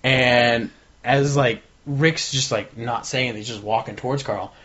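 A fairly bright-toned man with a medium pitch and moderate pace co-hosts a podcast, casually recapping a TV episode. He retells it energetically, acting out the characters' lines, in a dull lo-fi recording.

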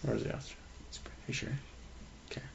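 A man co-hosting a casual chat about a TV episode, often restarting and repeating words as he talks. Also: a crowd in the background. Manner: halting, repeats his words when starting a thought. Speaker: podcast co-host. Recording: dull lo-fi recording.

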